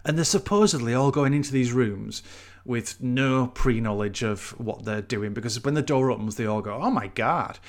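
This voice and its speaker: A man's voice: medium pitch, moderate pace, hardly any pauses. A man, co-hosting a casual chat and explaining things at length with fillers.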